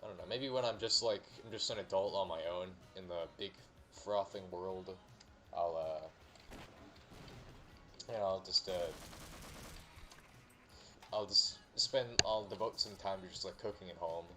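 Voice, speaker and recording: A man's voice: sits low, fairly even intonation, unhurried, long pauses, pushed and bright, faint music behind. A young man chatting casually while streaming a game, rambling with many fillers and restarts. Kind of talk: casual gameplay chat.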